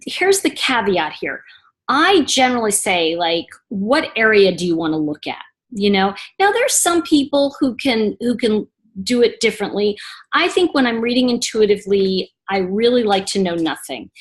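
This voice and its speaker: A woman teaching tarot reading in a chatty monologue, acting out little scenes in a hushed voice. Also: medium pitch.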